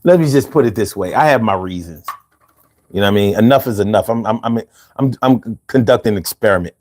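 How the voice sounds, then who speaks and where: A man's voice: on the low side, brisk, darkish tone, a little hiss or hum. A man hosting a livestream podcast, chatting casually and reading viewer comments with loose, profane banter.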